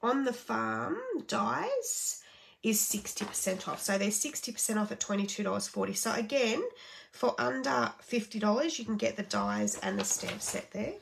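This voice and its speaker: Heavily gravelly-voiced woman chatting casually. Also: on the high side, big pitch swings, slight background noise. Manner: chatty, many ums, pauses while flipping pages. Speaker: craft supply demonstrator. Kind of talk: casual product sale walkthrough.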